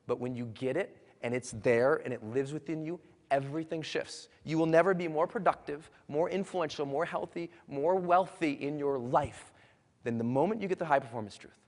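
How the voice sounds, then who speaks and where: A man giving a live motivational speech to an audience, moving from quiet storytelling to loud, bold rallying calls. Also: a little high, moderate pace. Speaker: motivational speaker. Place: large hall with an audience. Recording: long hall reverb.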